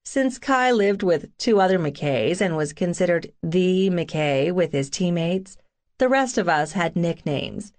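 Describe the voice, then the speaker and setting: A woman's voice: lowish voice, animated, unhurried, a little mellow. A woman narrating a first-person romance audiobook in a sassy, wry tone.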